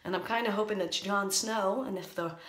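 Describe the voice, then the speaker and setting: A woman's voice: mid-range voice, fairly quick, a bit bright. A woman doing a comic vlog monologue, anxious and rambling, with a sarcastic edge, recorded in a small bathroom. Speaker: comedian. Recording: echoey bathroom.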